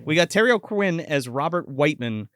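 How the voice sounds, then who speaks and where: Dude on a movie podcast, swears a lot, pitch jumps all over, dry close mic. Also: male voice, animated, a little fast, a bit bright, no echo. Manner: joking, swears often, laughs a lot. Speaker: podcast co-host. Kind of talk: casual movie review chat.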